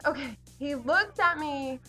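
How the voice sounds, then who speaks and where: A woman's voice: high voice, lively intonation, unhurried, pushed and bright, faint music behind. A teenage girl telling a story to her vlog audience in a bubbly, giggly way, full of ums and likes. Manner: bubbly, giggly, lots of fillers like um and like. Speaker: vlogger. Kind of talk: casual storytime chat.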